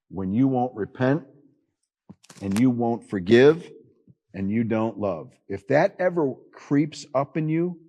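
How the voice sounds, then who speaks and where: A middle-aged man preaches in a church, chatting with his congregation in a folksy, storytelling way. His voice is warm and slightly husky, and it rises and falls freely as he talks. He chuckles now and then. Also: medium pitch, dull audio. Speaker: assistant pastor. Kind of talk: sermon.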